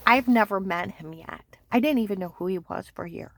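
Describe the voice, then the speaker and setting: A woman with a gravelly, fry-edged voice talks in a rambling, insistent monologue. She circles back to the same points and now and then sinks to a hushed near-whisper. The sound is dry and close, with no room around it. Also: medium pitch, normal speed, no room sound. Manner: agitated, insistent, repeats herself. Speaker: vlogger.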